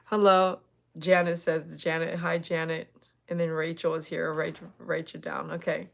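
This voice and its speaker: A woman's voice: low voice, level tone, moderate pace, vocal fry. A woman dog groomer hosting a live stream, chatting playfully with viewers and giggling often. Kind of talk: casual live-stream chat. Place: at home with dogs.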